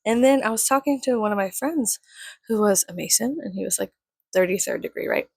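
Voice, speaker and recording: A woman's voice: mid-range voice, fairly quick, gravelly, darkish tone, husky, no room sound. A woman, ranting in a heated, sweary, rambling way. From San Antonio, Texas. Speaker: vlogger. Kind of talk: profane casual rant.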